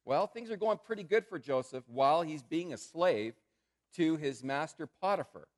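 A man preaching a sermon in a conversational way, calling his listeners friends and swinging between loud emphatic phrases and quiet, hushed asides. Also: fairly high pitch, expressive, normal speed. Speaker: pastor.

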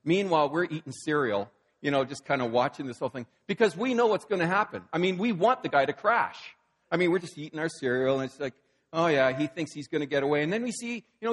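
A man's voice: on the high side, big-room sound. A man preaching a sermon in a casual, storytelling way, acting out the scenes he describes. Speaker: pastor.

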